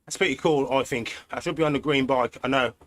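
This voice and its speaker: A man from Britain with a British accent, chatting in a relaxed way while hosting a cycling live stream from an indoor trainer at home. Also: medium pitch. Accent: British English. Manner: relaxed, chatty, thinking aloud with pauses. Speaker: cycling livestream host. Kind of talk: casual live-stream chat while riding.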